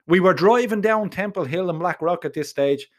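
A man's voice: sits high, moderate pace. A man with a Dublin Irish accent narrating a first-person audiobook in an earthy, salty, slang-filled way. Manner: salty, earthy storytelling with swearing and local slang.

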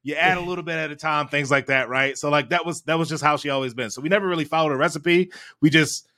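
Man, bright voice on the high side, animated storyteller who keeps checking in with "right?". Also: quick pace. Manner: animated storyteller, frequent "right?" tag questions. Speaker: guest. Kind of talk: storytelling in a podcast chat.

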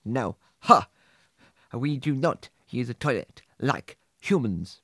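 A man's voice: medium pitch, animated, slow, a bit bright, breathy edge, no room sound, clean studio sound, heavily acted. A man voicing a cheeky, talkative male pet fish who fumbles his words. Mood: matter-of-fact.

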